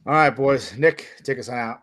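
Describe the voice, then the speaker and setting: A man's voice: medium pitch, moderate pace, fairly bright tone, dry recording, studio quality. A man co-hosting a casual sports podcast, joking and laughing often as he talks. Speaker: podcast co-host.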